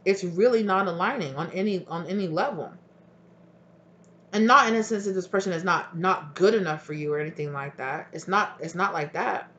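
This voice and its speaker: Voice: mid-range voice, fairly bright tone. Chatty tarot reader on a dull recording. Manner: chatty, acts out both partners' voices in quick exchanges. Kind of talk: casual intuitive tarot reading.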